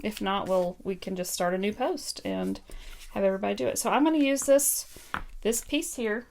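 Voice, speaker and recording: A woman's voice: mid-range voice, moderate pace, a little mellow, slight background noise. A woman casually demonstrating card making on a live stream, thinking aloud with frequent ums and asides to viewers. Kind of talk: casual live craft tutorial.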